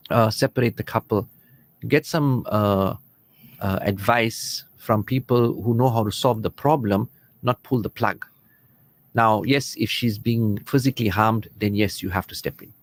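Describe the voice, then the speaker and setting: A man's voice: mid-range voice, normal speed. An earnest man counsels listeners on marriage over the radio. He talks in an easy, conversational way from a studio and slips readily into the voices of quarreling spouses. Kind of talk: radio advice talk.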